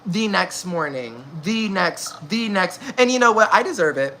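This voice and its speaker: Young woman, early twenties, gossipy storytime, lowish pitch, bright tone. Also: unhurried. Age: young adult. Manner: gossipy, animated, slangy, laughing often. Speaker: vlogger. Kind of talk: casual storytime chat.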